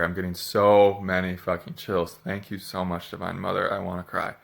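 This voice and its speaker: A man speaking in a confessional vlog, feeling sick and drained, with a halting, soft, searching delivery. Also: low-pitched, flat delivery, creaky. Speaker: spiritual vlogger.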